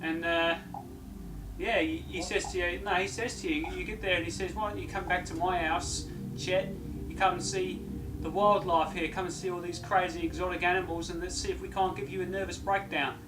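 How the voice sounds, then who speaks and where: A man's voice: high voice, steady tone, brisk, noisy background, lightly acted. A man doing a boastful fake-Australian madman. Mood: rambling. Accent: put-on Australian. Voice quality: blustering, rambling boasts with fillers. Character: unhinged Englishman faking an Australian bushman, boastful. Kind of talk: mockumentary improvised comedy.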